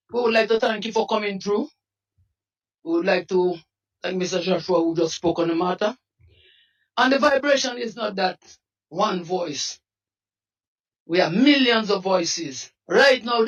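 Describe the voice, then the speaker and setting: A man with a Dominican accent, a protest leader giving an impassioned interview with fiery, preacher-like appeals and bursts of shouting. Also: high-pitched, highs cut off. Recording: distant mic.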